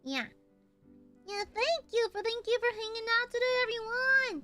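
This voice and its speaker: A woman's voice: extremely high pitch, lively intonation, moderate pace, sharp tone, soft background music. A young woman streamer chatting casually with her viewers, playful and chatty, often breaking into giggles and squeals. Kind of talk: casual chat with a live stream chat.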